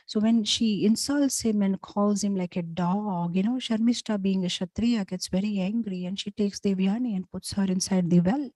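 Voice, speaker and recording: Animated woman giving a spiritual talk. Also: medium pitch, normal speed, hardly any pauses, dry recording. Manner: animated, lots of "you know" fillers. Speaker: spiritual teacher.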